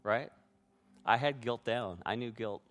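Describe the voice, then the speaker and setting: A man's voice: mid-range voice, a little slow. A man preaching a sermon as pastor, sharing his own testimony in an earnest way and speaking directly to the congregation.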